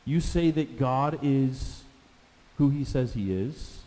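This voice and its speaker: A man preaching a sermon as a pastor, emphatic, slowing down to stress each scripture quote. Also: mid-range voice, mellow, in a large hall, poor audio.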